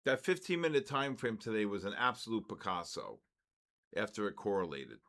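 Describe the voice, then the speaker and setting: An older man hosting a live trading session, giving blunt, excitable market commentary and answering chat questions with quick asides. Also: on the low side. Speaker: trading stream host.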